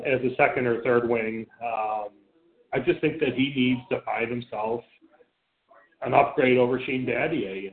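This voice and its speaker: A man co-hosting a radio show, talking sports in a blunt, profane way with many stammered restarts. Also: medium pitch. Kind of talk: casual sports talk. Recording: phone-like lo-fi sound.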